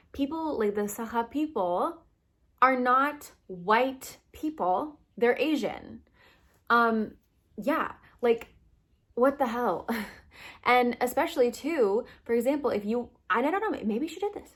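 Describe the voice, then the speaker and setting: A young woman vlogging about books, ranting casually with lots of fillers and short wry laughs. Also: on the high side. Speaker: book vlogger. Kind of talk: casual opinion rant.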